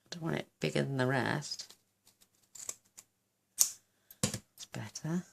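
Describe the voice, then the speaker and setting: A woman's voice: low-pitched, slow, creaky, a little hiss or hum. A woman hosting a card-making tutorial, chatting casually and gushing over her work as she thinks aloud. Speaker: craft channel host.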